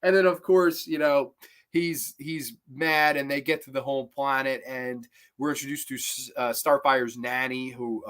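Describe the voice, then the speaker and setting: A young man hosting a casual review show, talking in a rambling, animated way with many restarts and sudden jumps in emphasis. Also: medium pitch. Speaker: host of a cartoon review show. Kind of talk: casual spoken episode review.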